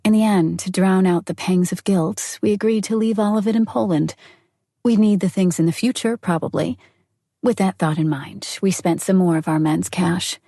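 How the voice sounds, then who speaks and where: A woman reading a first-person novel aloud in an even, intimate way. Her voice is mellow and slightly breathy and sits a touch low. The recording is close and dry. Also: moderate pace, no echo. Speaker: audiobook narrator. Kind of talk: first-person audiobook narration.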